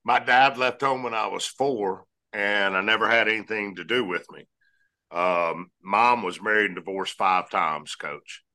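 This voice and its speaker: Man, low voice with a forceful edge, earnest guest storyteller. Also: measured pace. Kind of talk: storytelling interview answer.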